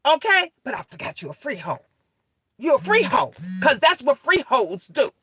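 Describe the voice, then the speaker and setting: A woman in her thirties telling a family story as a profane, animated rant, repeating lines for emphasis. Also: sits high, moderate pace, no room sound.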